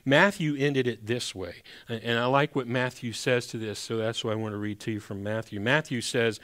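A man's voice: mid-range voice, fairly even intonation, normal speed, fairly bright tone. A man preaching a sermon as pastor. He speaks in a conversational, emphatic way and often restarts his sentences.

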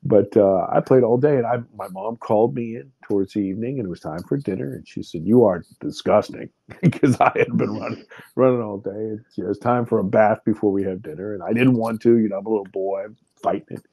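Male guest in his fifties, husky mellow voice, dry close sound, animated storyteller. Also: fairly low pitch, fast talker, dry recording. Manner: vivid, animated retelling with many restarts. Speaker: podcast guest. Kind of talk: personal storytelling in an interview.

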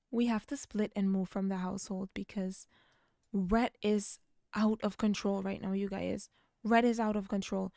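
A woman's voice: medium pitch, creaky, mellow, clear, resonant tone, no room sound, clean studio sound. A young woman in casual game commentary, narrating a story-driven life-sim playthrough and chatting to viewers. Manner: chatty, addresses viewers as you guys. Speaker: let's play narrator.

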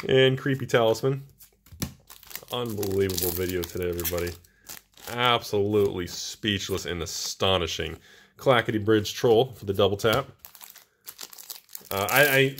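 A male host giving casual, excitable, joking commentary while opening card packs. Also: fairly low pitch, slight background noise. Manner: excitable, exclaiming, jokey.

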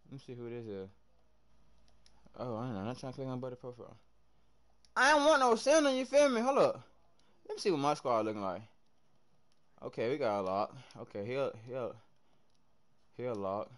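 A young man from the American South streaming a game live, chatting with his viewers in hyped, slangy bursts that swing between loud and soft. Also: medium pitch, sing-song, moderate pace, long pauses.

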